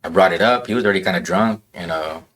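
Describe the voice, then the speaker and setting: Fast-talking deep-voiced man telling stories. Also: very animated, creaky, a bit bright, slight background noise. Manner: profane, storytelling. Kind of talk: casual chat.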